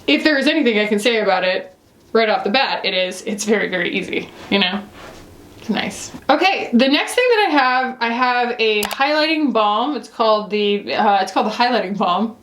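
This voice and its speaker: A woman's voice: fairly high pitch, expressive, moderate pace, fairly bright tone, a little hiss or hum. A woman in her thirties chatting casually as she reviews makeup, rambling with lots of "like" and "you know.". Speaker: beauty reviewer. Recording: echoey room.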